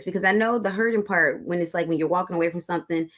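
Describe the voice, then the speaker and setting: A woman's voice: fairly low pitch, fast talker, a bit bright. A woman hosting a tarot livestream, chatting casually with her viewers and calling them y'all. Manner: chatty, talks straight to viewers as y'all, reads comments aloud.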